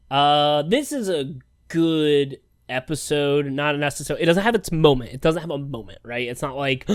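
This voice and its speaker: Man, casual podcast chat, mid pitch, swears freely, dry room. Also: no echo. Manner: loose, profane recapping with quick quoted asides. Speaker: podcast co-host. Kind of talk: casual anime review chat.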